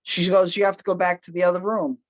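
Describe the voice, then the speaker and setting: Casual woman storyteller, loud, acts out every voice, slightly dull dry recording. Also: fairly low pitch, little pitch movement, fast talker, dry recording. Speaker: guest telling a personal story.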